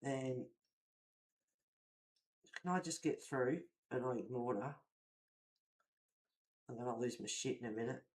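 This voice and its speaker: A woman, hosting a livestream and chatting casually while colouring, telling a story in an animated, gossipy way with the odd swear word. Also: a bass voice, a little slow, long pauses. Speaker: livestream host.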